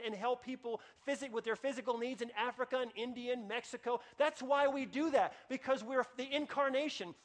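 A man preaching a sermon as a pastor, emphatic and given to repeating phrases and restarting his sentences. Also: very high-pitched.

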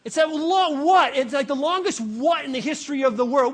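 A male pastor preaching in a very high voice. He is animated and jokey, acts out little scenes and keeps asking the congregation questions. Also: brisk, hardly any pauses. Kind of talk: sermon.

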